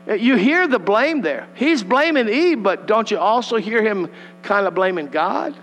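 A man preaching a sermon, animated and folksy, acting out the voices of the scripture passages. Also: sits high, a little slow. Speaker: pastor. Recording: long hall reverb with mains hum.

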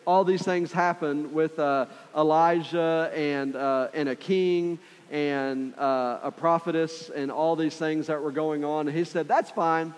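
A man's voice: on the high side, fairly even intonation, a little slow, clean tone. A man preaching a sermon in a conversational, storytelling way. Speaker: pastor. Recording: long hall reverb.

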